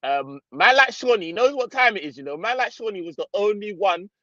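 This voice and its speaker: Young man, casual live stream host, slangy chat, slightly high voice, dry muffled sound. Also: animated, brisk, pushed and bright, no echo. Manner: slangy, reads out viewer comments, upbeat. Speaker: football channel host.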